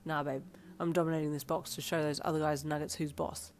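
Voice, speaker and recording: Woman doing a low-voiced cocky boyfriend. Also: level tone, fast talker. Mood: teasing. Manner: low, smirking, suggestive. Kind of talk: fan fiction audio reading.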